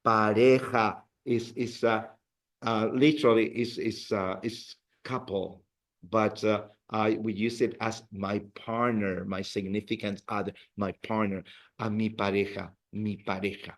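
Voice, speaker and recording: A man's voice: on the low side, flat delivery, unhurried. A man teaching a beginner Spanish class, patiently repeating words for drills and encouraging his students. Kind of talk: classroom language lesson.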